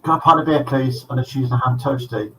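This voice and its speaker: A man's voice: mid-range voice, fast talker, a bit bright, a little hiss or hum, natural voice. A man voicing a male rabbit ordering at a pub while telling a joke, speaking in his own slightly raised voice, heard from a distant mic. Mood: polite, fretful.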